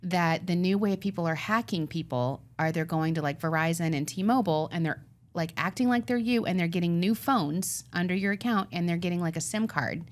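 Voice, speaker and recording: A woman co-hosting a podcast, telling a story in an animated, breathless way and acting out both sides. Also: fairly low pitch, a little fast. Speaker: podcast co-host. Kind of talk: casual chat, storytelling.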